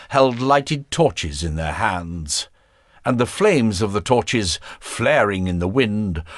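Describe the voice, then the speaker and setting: A man narrating a historical novel as an audiobook, expressive and measured. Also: fairly low pitch, no room sound, clean studio sound. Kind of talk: scripted narration.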